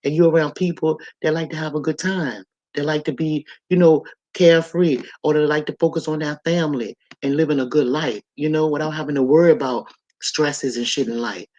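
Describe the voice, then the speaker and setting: A man's voice: fairly high pitch, fairly even intonation, brisk, a little mellow, lo-fi sound. A man, hosting a livestream and talking in a blunt, profane, rambling monologue. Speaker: livestream host.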